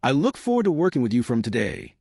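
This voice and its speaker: A man's voice: mid-range voice, very animated, fast talker, darkish tone, no echo, clean studio sound, voice pushed up. A man voicing a cheerful, playful woman in her fifties, talking chirpily and eagerly.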